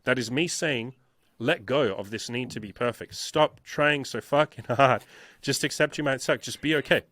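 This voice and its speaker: A man's voice: mid-range voice, moderate pace, fairly bright tone, dry recording, studio quality. A man talking casually in an interview as a dating coach, emphatic and repetitive, swearing often.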